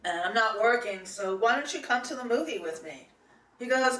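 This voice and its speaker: A woman's voice: fairly high pitch, animated, normal speed, sharp tone, distant mic. A middle-aged woman, telling a personal story in a chatty, meandering way, full of fillers and restarts. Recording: echoey room, voice set back from the mic.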